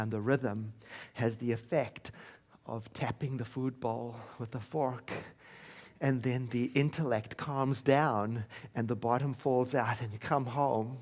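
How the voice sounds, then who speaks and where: Man, from South Africa, sermon, middle pitch, conversational storytelling, soft chanted affirmations, church. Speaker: minister. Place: church sanctuary.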